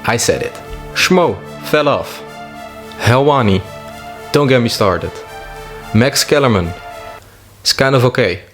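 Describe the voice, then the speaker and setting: A man's voice: medium pitch, measured pace, pauses often, soft background music. Joking young man vlogging. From half French. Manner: jokey, deadpan asides. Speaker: YouTuber. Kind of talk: comedic vlog narration.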